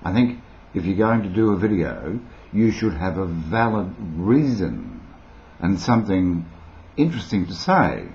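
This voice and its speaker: A man's voice: low-pitched, sing-song, measured pace, creaky, a little mellow, highs cut off. An older Australian man with an Australian accent, rambling playfully and eccentrically to his webcam at home. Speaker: vlogger. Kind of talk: casual talk to webcam.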